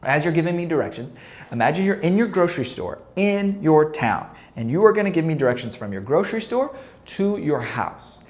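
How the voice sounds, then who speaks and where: A man's voice: sing-song, fairly quick. A man, a basketball coach, teaching a lesson to camera in a playful way, quizzing the viewer and then joking about the answers. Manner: playful, asks quiz questions and answers them with jokes; acts out shouted examples, voice leaps high. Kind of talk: instructional talk to camera.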